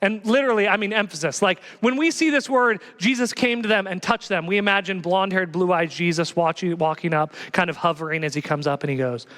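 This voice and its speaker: A man preaching a sermon as pastor, animated and emphatic, repeating key phrases. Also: high-pitched, fairly quick, few pauses, long reverb tail.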